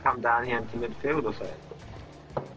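A man playing an online football game with friends, joking and swearing while he tells others to calm down. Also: mid-range voice, normal speed, loud music behind the voice, rough recording. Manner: lively, swearing, playful calming tone. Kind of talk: casual gaming banter.

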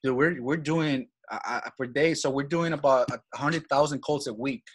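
A man's voice: mid-range voice, moderate pace, slightly rough. A man from Venezuela, a guest in a casual interview who talks with energy and keeps repeating his main points, often adding "right?" and "man". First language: Spanish. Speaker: guest, real estate acquisitions manager.

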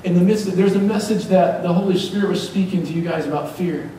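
A man preaching a sermon as pastor, lively and joking as he urges the congregation on. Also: sits high, quick pace. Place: church sanctuary. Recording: echoey hall from far off, faint hiss.

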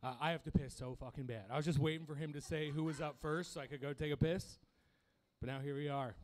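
A man's voice: fairly high pitch, fairly even intonation, fast, a little hiss or hum. A young man doing a crude, self-deprecating stand-up set, laughing at his own jokes. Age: young adult. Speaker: stand-up comedian.

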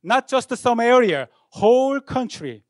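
Dramatic high-voiced male preacher. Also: big pitch swings, unhurried, dry recording, studio quality. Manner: dramatic, swinging from loud outbursts to hushed lines. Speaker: pastor. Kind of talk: sermon. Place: university chapel.

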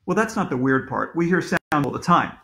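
A man reading his own children's book aloud from home, playful and full of jokey asides. His voice is high and very animated. The recording carries a roomy echo. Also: fairly quick.

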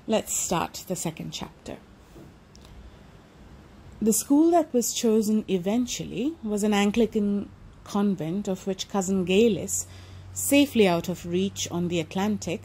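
A woman narrating an audiobook, calm and measured, first reflecting thoughtfully and then reading the story. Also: medium pitch, husky. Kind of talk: reflective commentary and book reading.

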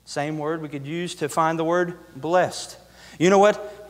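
High-voiced fervent young preacher, echoey church. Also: male voice, unhurried. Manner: fervent, repetitive preaching cadence. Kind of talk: sermon. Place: church sanctuary. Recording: echoey church hall reverb.

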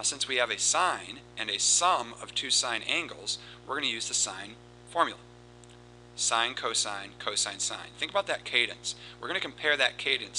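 A man teaching a recorded math lesson, explaining steps in a steady, explanatory way and reciting formulas in a rhythmic cadence. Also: medium pitch, slight background noise, rough recording. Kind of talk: recorded lesson with board work.

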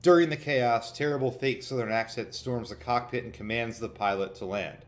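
Male reviewer, mid-pitched, sarcastic and irreverent comedic narration. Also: moderate pace. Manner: sarcastic, irreverent, laughs at his own jokes. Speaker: movie reviewer.

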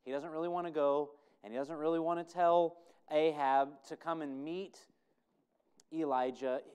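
A man's voice: a little high, steady tone, moderate pace, a little mellow, smooth. A man preaching a conversational sermon, putting questions to his congregation and thinking aloud. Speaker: pastor.

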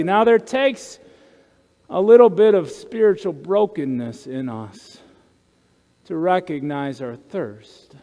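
A man's voice: very high voice, slow. A male pastor preaching a conversational sermon, often checking in with the congregation with asides. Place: church sanctuary. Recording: church sanctuary with long reverb.

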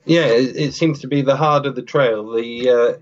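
A man, a hiking father, calmly explaining a family trek as a podcast guest. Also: medium pitch, normal speed, lo-fi sound. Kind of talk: interview.

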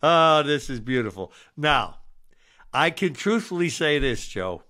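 A man's voice: fairly high pitch, lively intonation, unhurried, pushed and bright. A man co-hosting a podcast in casual chat, jovial and laughing often as he moves the segments along. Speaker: podcast co-host.

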